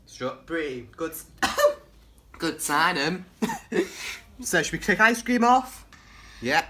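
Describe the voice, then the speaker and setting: A man with a gentle, patient and coaxing manner, chatting casually and asking lots of encouraging questions while making a treat in a home kitchen. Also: a little high, very animated, slow. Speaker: co-host of a home cooking video.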